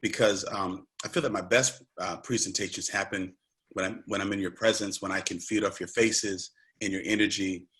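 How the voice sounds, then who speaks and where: Earnest lowish-voiced man presenting online. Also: very noisy. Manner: earnest, conversational, emphatic.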